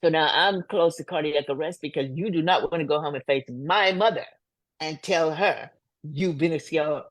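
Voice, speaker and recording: An older woman, a singer, telling stories in a relaxed interview and playfully acting out the people she quotes, with frequent laughter. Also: deep voice, normal speed, no echo. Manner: laughs often while talking. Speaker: singer and guest. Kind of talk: storytelling in a casual interview.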